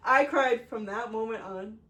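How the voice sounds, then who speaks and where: A woman's voice: on the high side, a little slow, pushed and bright. A woman co-hosting a podcast, telling a story in casual chat and filling it with "like.". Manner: chatty storytelling, full of "like". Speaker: podcast co-host. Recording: distant mic with faint background noise.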